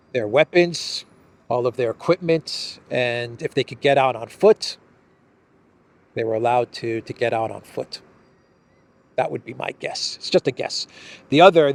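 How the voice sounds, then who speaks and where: Sarcastic American man commenting on news. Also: medium pitch. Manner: speculative, sarcastic, repeats words while thinking. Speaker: political commentator host.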